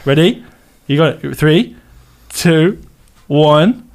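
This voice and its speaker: A man co-hosting a casual podcast chat, teasing and animated. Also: a little high, slow. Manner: teasing, animated, laughs easily. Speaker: podcast co-host.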